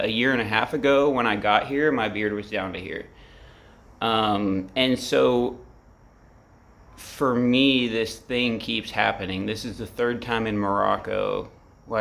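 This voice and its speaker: A man's voice: on the low side, creaky, fairly bright tone, slight background noise. A man in his forties rambling candidly about his feelings in a vlog, swearing freely and leaning on lots of fillers, recorded in his apartment. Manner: rambling, profane, heavy with fillers. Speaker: vlogger. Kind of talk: candid personal reflection to camera.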